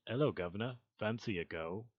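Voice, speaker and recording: A man putting on an exaggerated posh British gentleman voice, on a lo-fi stream. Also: on the low side, brisk, slightly rough. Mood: hammy. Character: posh cheery British gent offering games.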